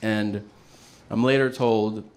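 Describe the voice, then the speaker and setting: A male stand-up comedian telling a story on stage, animated and profane, jumping high in pitch for quoted voices. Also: slow pace.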